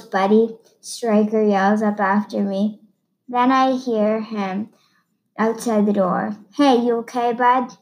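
Woman narrator for a first-person chapter read-aloud; higher voice, plain steady delivery. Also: rough recording. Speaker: reader.

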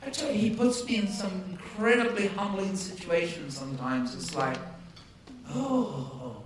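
A man preaching a storytelling sermon, animated and playful, acting out dialogue with self-deprecating humor. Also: high voice, unhurried, a little hiss or hum. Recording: echoey hall from far off.

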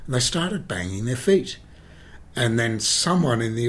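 A man, a stage actor telling theatre anecdotes in an interview, animated and dramatic with deliberate pauses and repeated words. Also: medium pitch. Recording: faint background noise.

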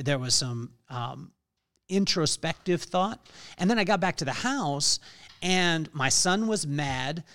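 Earnest podcast host, slightly higher voice. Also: male voice. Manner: earnest, halting with frequent fillers. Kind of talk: unscripted motivational monologue.

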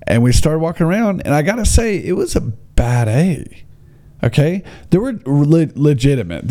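A man's voice: fairly high pitch, mellow. A young man, telling a comic story in a rambling way, full of fillers and restarts. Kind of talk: casual comedic storytelling.

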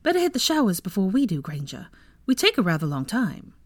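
A woman reading fan fiction aloud, voicing a sly young woman who teases in a brisk, raised voice. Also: medium pitch, wildly swooping pitch, no echo. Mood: smirking.

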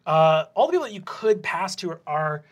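A man's voice: on the high side, sing-song, a little fast. A man narrating loosely as game master of a tabletop game, rambling and swearing.

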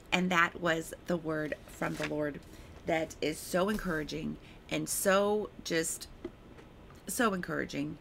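Female devotional podcast host: low, gravelly yet bright tone, emphatic and repetitive, fervent prophetic reading that turns chatty. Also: steady tone, takes it slowly, slight background noise. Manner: chatty and informal in her own remarks. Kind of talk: reading a prophetic word, then devotional talk.

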